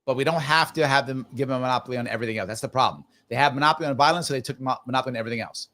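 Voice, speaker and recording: A man's voice: mid-range voice, rapid-fire, fairly bright tone. A man hosting a live stream, chatting casually and reading viewer comments aloud, upbeat and repetitive. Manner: chatty, upbeat, repeats himself. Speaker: host.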